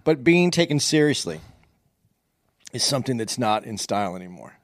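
A man in a podcast chat, speaking in a measured way as he calmly pushes back on his co-host. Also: medium pitch, no room sound. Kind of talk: casual chat.

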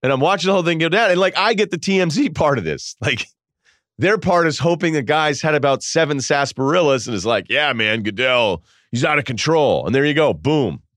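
This podcast host has a fairly high-pitched voice and talks at a quick pace, with clean studio sound and no echo. He tells a story casually and animatedly, laughing and doing voices as he quotes people.

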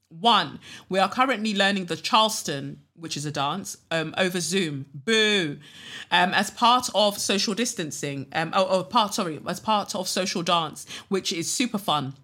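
A woman hosting a podcast, reading a listener's letter aloud with expressive delivery and dry asides. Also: on the low side.

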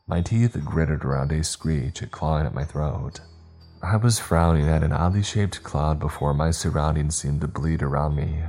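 Very deep-voiced male story narrator. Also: mellow. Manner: measured, dramatic storytelling. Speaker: audiobook narrator. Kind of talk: scripted first-person narration.

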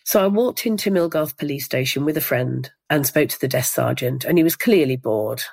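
An older woman from Northeast England, slowly recounting a personal memory in an interview, reflective and measured with pauses and restarts. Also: very deep voice, lively intonation, vocal fry, darkish tone, slightly rough.

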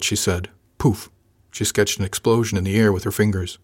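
A man's voice: fairly low pitch, level tone, brisk. A man narrating a first-person audiobook in a dry, understated way.

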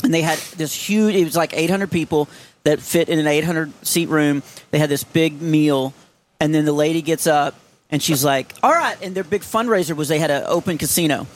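Storytelling man with a higher voice. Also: brisk. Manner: storytelling, lively anecdotes. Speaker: touring comedian. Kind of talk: casual chat.

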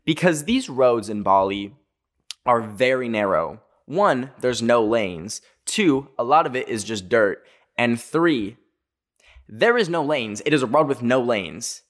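A young North American vlogger tells a casual story in a loose, chatty, animated way, with an ordinary middle-pitched voice. His speech is full of "like" fillers and quick asides, and he keeps catching and correcting himself mid-sentence.

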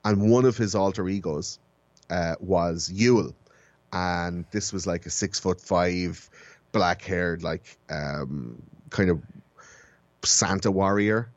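A man's voice: low-pitched, takes it slowly, no echo, muffled recording. A man in casual podcast chat, telling a rambling story and restarting his phrases as he explains.

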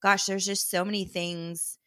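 A young woman, co-hosting a podcast and telling a story in casual chat, quoting people in lively voices and laughing often. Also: medium pitch, measured pace, no echo, studio quality. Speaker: podcast co-host.

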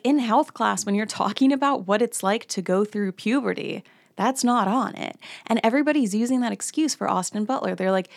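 A young woman hosting a casual commentary vlog, ranting in an animated way with lots of swearing and filler words. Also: mid-range voice, dry recording. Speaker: commentary host.

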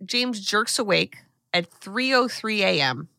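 A woman co-hosting a podcast, recapping a film in casual chat, animated and full of fillers and asides. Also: medium pitch, measured pace, vocal fry, dry recording, clean studio sound. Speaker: podcast co-host.

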